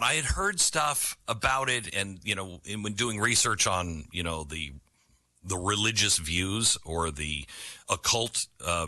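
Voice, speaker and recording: A man's voice: on the low side, bright, forceful tone, no room sound. A man hosting a talk radio show, chatting casually and rambling with many fillers.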